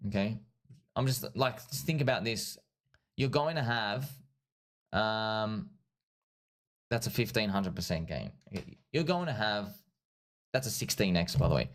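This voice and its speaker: A man hosting a casual livestream, talking through crypto price charts in an excitable, repetitive way and often calling his audience friends. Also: fairly low pitch, a little slow, long pauses. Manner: laughs at his own points. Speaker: livestream host and crypto trader.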